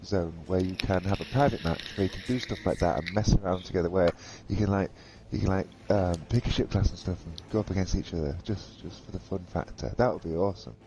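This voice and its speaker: A man chatting casually in voice chat while gaming, excitable and stammering through restarts. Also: deep voice, fast talker, hardly any pauses, background noise. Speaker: guest gamer.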